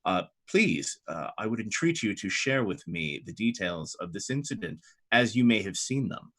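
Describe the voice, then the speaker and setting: A man doing a quiet, formal old priest. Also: fairly low pitch, big pitch swings, moderate pace, no room sound. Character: solemn older male religious leader, formal.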